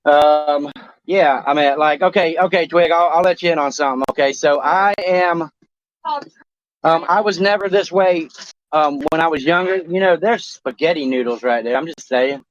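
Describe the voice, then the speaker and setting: A man co-hosting a talk show in crude casual chat, rambling and halting, swearing often. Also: a little high. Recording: dry, dull lo-fi sound.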